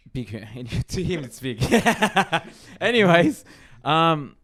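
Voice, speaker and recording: A man telling a story in a casual podcast chat, animated, repeating his words. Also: fairly high pitch, drawn-out words. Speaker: podcast co-host.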